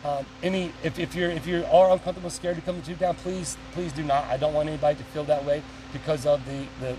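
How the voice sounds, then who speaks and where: A fast-talking man hosts a casual vlog outdoors, chatty and quick with opinions. His voice sits a little high and is picked up from some distance, with faint outdoor noise behind it. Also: steady tone. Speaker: host of the channel. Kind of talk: casual on-location vlog talk.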